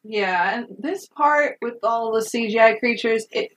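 A woman's voice: fairly high pitch, a little slow. A woman trades jokes in a casual movie recap, dry and sarcastic, cursing freely and laughing between lines. Her voice sits back from the microphone, a little distant in the mix. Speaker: podcast co-host.

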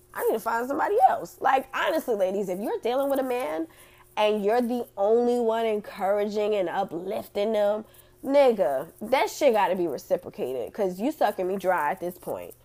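A woman's voice: medium pitch, dark tone. A woman hosting a casual chat and reading out audience comments, blunt and profane, laughing often.

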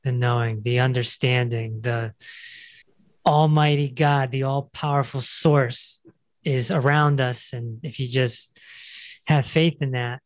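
A man's voice: medium pitch, flat delivery, slow, no echo. A man hosting a podcast, talking in a reflective, conversational way. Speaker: podcast host. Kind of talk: casual interview conversation.

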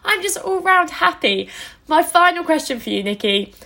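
A woman's voice: extremely high pitch, sing-song, moderate pace, bright, forceful tone. A woman co-hosting a casual podcast, chatty and teasing. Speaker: podcast co-host.

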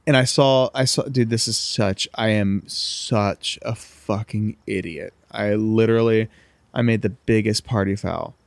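A man's voice: on the low side, unhurried, creaky, dry recording. A young man on a casual podcast, telling a story loosely with swearing and lots of restarts. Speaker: podcast co-host. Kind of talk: casual chat.

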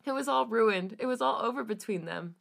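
A woman co-hosting a podcast, reading fanfiction aloud with an expressive delivery. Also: fairly high pitch, gravelly. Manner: expressive reading, quick to laugh. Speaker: podcast co-host.

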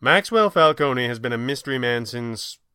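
A man's voice: medium pitch, lively intonation, moderate pace, pushed and bright, smooth, no room sound, studio quality. A man voicing a formal, good-humored man with old-fashioned phrasing, in a storytelling reading. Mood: calm.

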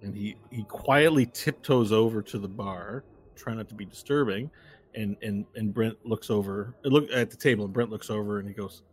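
Relaxed man narrating a tabletop game. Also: fairly low pitch, moderate pace, slight background noise. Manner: relaxed, meandering. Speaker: game master.

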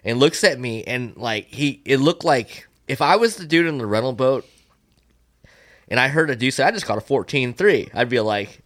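A middle-aged man telling a fishing story in casual podcast chat, profane and animated when he acts out the exchange. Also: medium pitch, moderate pace. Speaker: podcast guest, swimbait angler.

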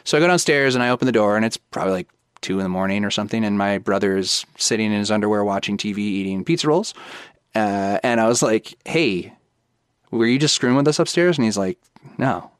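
A man's voice: on the low side, quick pace, clean tone, no room sound. Casual man in his thirties recounting a ghost story. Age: 30s. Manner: casual and animated, acting out back-and-forth dialogue. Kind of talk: telling a personal ghost story. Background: background music.

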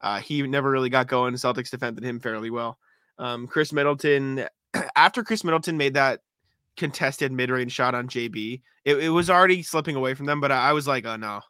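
A man co-hosting a casual sports podcast, recapping a game with frequent throat clearing and stammered restarts. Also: mid-range voice, fairly quick, sharp tone, dry recording, clean studio sound. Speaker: podcast co-host.

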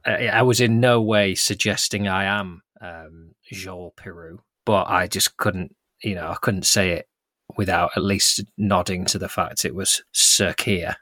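A man's voice: low voice, steady tone, sharp tone, no echo. A man co-hosting a podcast, casual and wry, often stumbling over his words. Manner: dry and wry, with halting restarts. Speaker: podcast co-host. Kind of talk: casual chat.

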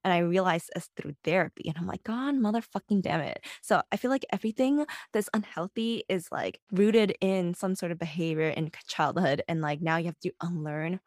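A woman's voice: lowish voice, fairly quick, hardly any pauses, dry recording, clean studio sound. A woman co-hosting a podcast in casual chat, blunt and frank, swearing and using lots of fillers. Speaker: podcast co-host.

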